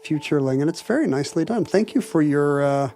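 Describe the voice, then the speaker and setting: A man's voice: on the high side, expressive, fast talker, warm tone, slight background noise. A man co-hosting a podcast in casual chat, with a dry, wry manner. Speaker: podcast co-host.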